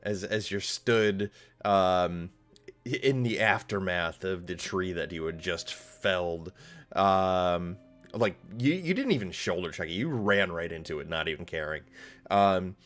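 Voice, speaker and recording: A man narrating as game master of a tabletop game, halting, with many pauses and fillers. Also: low-pitched, expressive, fairly bright tone, faint music behind.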